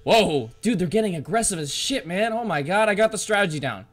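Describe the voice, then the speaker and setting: A man's voice: high-pitched, expressive, brisk. A man doing let's-play commentary, frantic and swearing as he barks orders at the game. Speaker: gamer.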